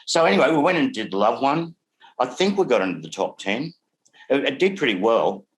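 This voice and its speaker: An older Australian man, a guest songwriter, telling lively stories over a video call and laughing as he goes. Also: medium pitch, a little fast, a little hiss or hum. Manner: animated storyteller, laughs through his stories. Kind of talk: casual anecdote telling.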